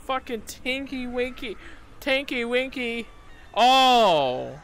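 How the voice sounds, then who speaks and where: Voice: sits high, sing-song, a little slow, a bit bright, slight background noise. A live streamer talking through a horror game on a headset mic, swearing freely and shrieking when startled. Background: game music.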